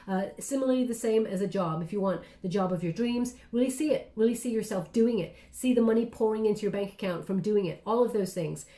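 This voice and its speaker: A woman giving a casual spoken tarot reading. She is chatty and encouraging, and often checks in with a quick "okay?". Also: mid-range voice, warm tone, roomy sound. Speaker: tarot card reader.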